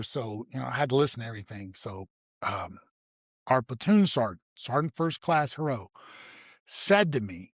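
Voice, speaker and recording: A man's voice: medium pitch, dry recording, studio quality. A man in his sixties, a retired army medic, telling casual stories with repeated words and swearing. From United States. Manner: rambling anecdotes with repeated words and profanity. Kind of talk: casual storytelling.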